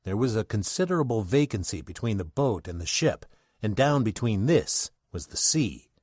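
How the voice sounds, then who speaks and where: A man tells a classic sea tale in a theatrical old-time radio style, his pitch rising and falling a great deal. The voice sits close and dry, with no room sound. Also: moderate pace, dry recording. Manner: theatrical, expressive storyteller. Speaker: narrator.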